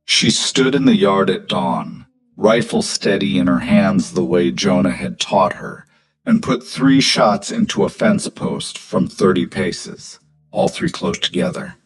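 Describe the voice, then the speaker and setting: Low-voiced male story narrator. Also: a little hiss or hum, low-quality recording. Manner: measured, steady storytelling. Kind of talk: scripted narration.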